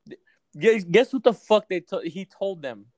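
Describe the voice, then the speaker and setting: A man's voice: high voice, animated, normal speed, a little mellow, no room sound. A young man casually telling a long story to friends, rambling and profane with lots of fillers. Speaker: podcast co-host telling a story.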